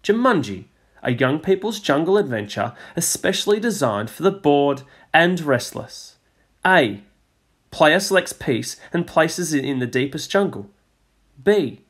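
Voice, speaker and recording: A man's voice: fairly high pitch, big pitch swings, measured pace, husky, pitched above the performer's own voice, heavily acted. A man reading a storybook aloud, voicing an eager, bossy young girl who insists on following the rules.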